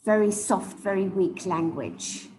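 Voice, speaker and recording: A woman coaching public speakers live, emphatic and deliberate, often repeating key words for stress. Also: medium pitch, lively intonation, a little mellow, echoey room, slight background noise, low-quality recording. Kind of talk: live speech evaluation to an audience.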